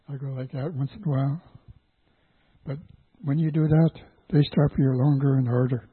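An older man from Canada giving a personal testimony as a church guest, speaking haltingly with pauses and restarts. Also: mid-range voice, husky, no echo. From Canada, Vancouver Island. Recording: tinny phone-like dry recording.

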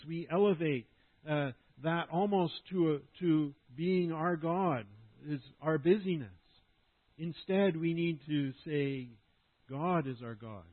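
A male pastor delivers a sermon to his congregation, earnest and deliberate. He often lets his voice sink to a near-hush at the end of a phrase. The sound is dry and narrow, like a phone line. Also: fairly high pitch, no echo. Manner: earnest preaching, dropping to a hushed voice at phrase ends. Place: church service.

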